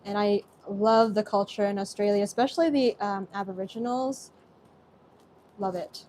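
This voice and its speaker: A woman's voice: fairly high pitch, darkish tone, a little hiss or hum. A young woman with an American accent hosting a live cooking stream from her kitchen, chatty and effusive as she thanks viewers by name. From Singapore. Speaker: host.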